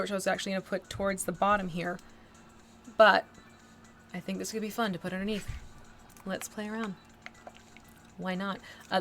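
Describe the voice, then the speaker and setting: A woman hosting a casual painting livestream, thinking aloud as she works and answering her chat with bursts of excitement. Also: medium pitch, slight background noise. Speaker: livestream host painting a miniature. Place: home art desk near an air conditioner.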